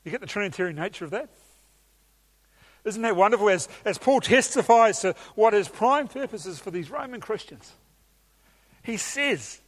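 A man's voice: sits high, animated, moderate pace, pauses often. A man preaching a teaching sermon with emphatic enthusiasm and some hesitations.

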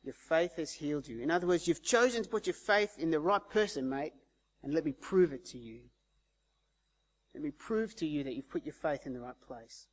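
A male preacher with a somewhat high voice. He talks through the sermon casually and conversationally. He slips into the voices of the people in the story as he tells it. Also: animated, moderate pace. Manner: conversational, acts out quoted voices. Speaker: pastor.

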